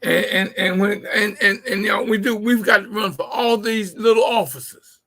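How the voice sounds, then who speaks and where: A man's voice: high-pitched, moderate pace, fairly bright tone. A man hosting a live-streamed political talk, speaking emphatically to his viewers, often repeating words as he builds his point. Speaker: livestream show host.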